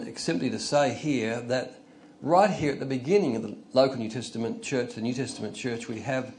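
A man's voice: mid-range voice, a little mellow, a little hiss or hum. An older man preaching an informal, conversational sermon, telling stories and rising into emphatic bursts. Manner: conversational, storytelling, chuckles, rises to emphatic bursts.

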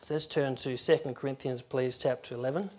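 A man preaching a sermon in a church, reading scripture aloud with emphatic swings from loud to soft. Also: medium pitch, fairly even intonation, brisk, a little hiss or hum. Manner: emphatic, rising and falling loudness, reads scripture aloud.

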